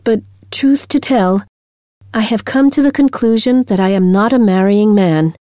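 A woman's voice: mid-range voice, moderate pace, warm tone, no room sound, clean studio sound, natural voice. A woman reading a man's formal breakup letter. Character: man writing a cool, formal breakup letter.

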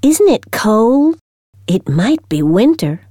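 A woman's voice: mid-range voice, big pitch swings, dark tone, no echo, studio quality. A woman voicing a sweet, sugary young science teacher in a read short story, lifting her voice and drawing the words out. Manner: sweet, drawn-out greeting.

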